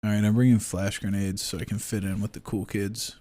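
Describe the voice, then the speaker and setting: A man's voice: on the low side, little pitch movement, fairly quick, warm tone. A man from Florida with a neutral accent, chatting about games at home in a joking, irreverent way, swearing freely and slipping into mock rants. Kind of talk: casual gaming chat.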